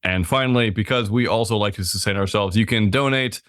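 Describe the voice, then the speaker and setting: A man's voice: on the low side, brisk, a bit bright, smooth, dry recording, studio quality. A man hosting a podcast, chatting casually and upbeat while reading out the show's plugs. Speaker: podcast host.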